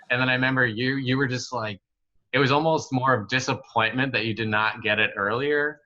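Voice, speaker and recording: A man in his twenties telling a story as a guest on a casual podcast, chatty and relaxed, full of fillers like "like" and "you know". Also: mid-range voice, brisk. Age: 20s. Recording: slightly muffled lo-fi recording.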